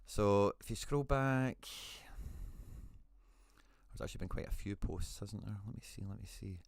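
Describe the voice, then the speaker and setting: A man's voice: on the low side, normal speed, gravelly, dry recording. A man hosting a casual live stream, chatting with viewers and thanking them as he reads out their messages. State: a bit out of breath.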